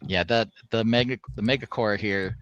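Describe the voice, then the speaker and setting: A man's voice: on the low side, fairly even intonation, normal speed, a bit bright, lo-fi sound. A man co-hosting a casual chat show, joking and laughing a lot. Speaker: co-host.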